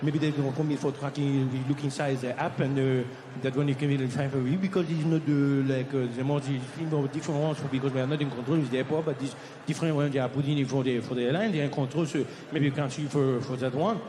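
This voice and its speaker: A comedian voicing an older French airport clerk with a put-on French accent, rambling in broken English. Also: male voice, mid-range voice, steady tone, fast talker, background noise, lightly acted.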